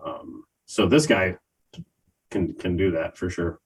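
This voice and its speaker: An older man co-hosting a music review podcast, talking in a casual, hesitant way with many pauses and fillers. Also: sits low, husky, rough recording. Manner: slow, hesitant, many ums and uhs. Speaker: podcast co-host reviewing albums. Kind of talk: casual chat.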